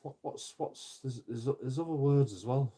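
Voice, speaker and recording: A man's voice: mid-range voice, normal speed, dark tone, breathy edge. A man ranting casually on a live stream, rambling and profane, with lots of stumbling restarts.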